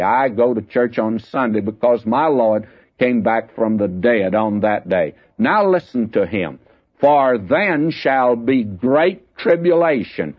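Older guy teaching the bible on the radio, folksy, bit dull and lo-fi. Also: mid-range voice. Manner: folksy, reads scripture with raised emphasis.

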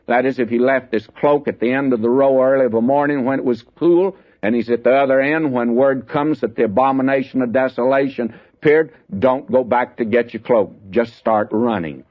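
A man's voice: mid-range voice, normal speed. An older man giving folksy radio Bible teaching, lifting his voice when he reads the verses. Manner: folksy, reads scripture with raised emphasis. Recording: dull lo-fi radio broadcast.

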